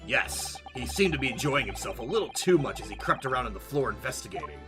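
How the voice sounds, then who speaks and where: A man voicing a gruff, battered male police inspector who plays down his injuries in an understated way. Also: medium pitch, lively intonation, fast, music in the background, natural voice. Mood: stoic. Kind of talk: reading game dialogue aloud.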